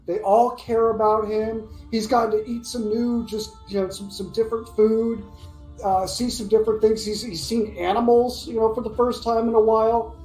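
A woman's voice: a little high, steady tone, normal speed, dark tone. A woman playing a tabletop game, chatty and rambling as she describes her character. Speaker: player. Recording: echoey room with faint music.

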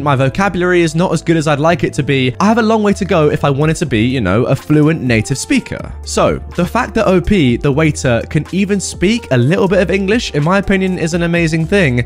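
A young man reading online stories aloud and adding opinionated commentary, talking directly to viewers. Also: a little high. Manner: animated, opinionated, talks to viewers. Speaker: story narrator and commentator.

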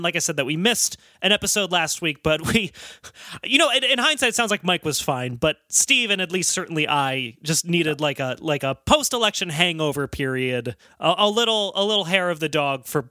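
A man's voice: fairly high pitch, pushed and bright, no room sound, studio quality. A man co-hosting a casual podcast, joking around and laughing, then wrapping up the episode. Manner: jokey, chuckling, sign-off patter. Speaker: podcast co-host.

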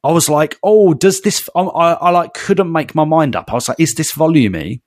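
A man's voice: fairly high pitch, expressive, brisk, a little mellow, dry recording, clean studio sound. A man co-hosting a podcast, chatting casually, calling his co-host mate and laughing often. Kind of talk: casual chat.

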